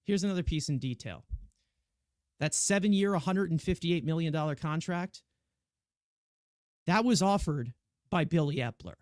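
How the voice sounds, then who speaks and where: A man co-hosting a casual sports podcast, animated and rambling with many restarts. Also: a little high, normal speed, pauses often, no echo, clean studio sound. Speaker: podcast co-host.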